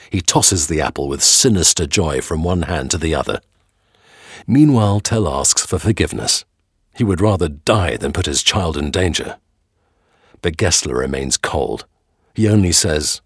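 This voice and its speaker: A man narrating a dramatic audio storybook with expressive storytelling. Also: extremely low pitch, husky, no echo, clean studio sound.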